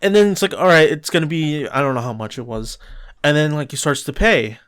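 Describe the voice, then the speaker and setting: A man's voice: on the high side, fairly quick, fairly bright tone, clean tone. A young man, a podcast co-host, telling a rambling story in casual chat, full of restarts and "like"s.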